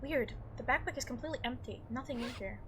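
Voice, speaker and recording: A woman's voice: on the high side, quick pace, background noise. A woman hosting a let's-play, giving nervous, jumpy commentary and talking back to the game. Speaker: gaming video host.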